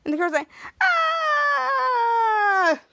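A woman's voice: extremely high pitch, moderate pace, a bit bright. A woman podcast host recapping a TV episode in a rambling, casual way, full of restarts.

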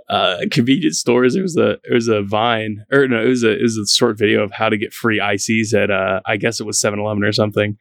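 A man's voice: fairly low pitch, a little fast, vocal fry, dry recording. Casual male co-host from Kentucky, rambling delivery, dry recording. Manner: relaxed, rambling, many fillers and self-corrections. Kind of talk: casual chat.

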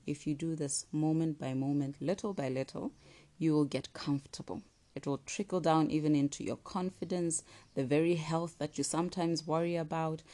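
A woman giving an earnest, encouraging motivational talk, sometimes dropping to soft asides. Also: sits low. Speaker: motivational speaker.

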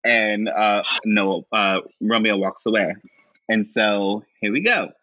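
Slow, halting man recapping a scene. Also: pushed and bright, dry recording, lo-fi sound. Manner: slow, halting recap with frequent fillers and high-pitched quoted lines. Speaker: podcast co-host recapping a show. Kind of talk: casual chat, acting out scene dialogue.

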